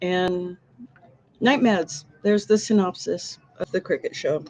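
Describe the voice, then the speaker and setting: A woman's voice: fairly low pitch, slow, a little mellow. A woman co-hosting a casual livestream from a diner booth, talking in long rambling stories and laughing often. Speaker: livestream co-host. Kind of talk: casual chat. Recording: dull lo-fi livestream audio.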